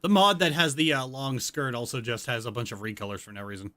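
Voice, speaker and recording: A man's voice: mid-range voice, steady tone, fast talker, bright, forceful tone. A man casually chatting while streaming a video game, joking and explaining things with frequent restarts, on a mic with a noise gate. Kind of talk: casual gaming chat. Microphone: headset or desk mic with noise gate.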